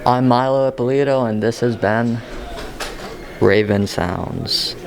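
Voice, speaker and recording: A man's voice: mid-range voice, takes it slowly, gravelly, a crowd in the background. A teenage boy, a student reporter, asking classmates for raven calls with self-mocking humor. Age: teens. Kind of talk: hallway interviews. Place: school hallways and classrooms. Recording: crowded school hallway.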